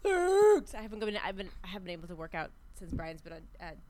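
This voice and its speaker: A woman's voice: medium pitch, big pitch swings, fast, darkish tone, a little hiss or hum. A woman in her thirties co-hosting a podcast, chatting playfully and rambling with giggles. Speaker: podcast co-host. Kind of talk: casual comedic chat.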